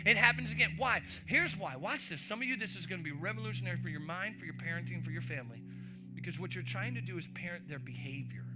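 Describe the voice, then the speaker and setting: A man preaching a sermon in an animated, playful way, often asking the congregation questions. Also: high voice, fast. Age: young adult to middle-aged. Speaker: pastor. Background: music.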